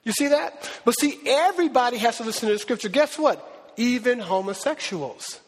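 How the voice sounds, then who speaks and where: High-voiced impassioned male pastor. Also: lively intonation, moderate pace, long reverb tail. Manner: impassioned, acts out quoted voices. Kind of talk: sermon.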